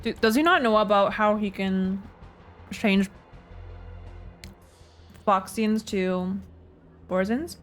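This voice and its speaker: A woman's voice: medium pitch, takes it slowly, long pauses, faint music behind. A tired young woman streaming, giving chatty, rambling reaction commentary on a game. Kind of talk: casual gaming reaction commentary.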